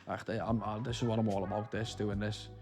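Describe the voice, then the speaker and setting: A man in his thirties from Liverpool with a Liverpool accent, telling stories from his acting career in a relaxed interview, rambling and restarting often. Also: lowish voice, a little fast, over loud music. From Liverpool, England. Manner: rambling, many restarts and "you know", local slang. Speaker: actor, interview guest.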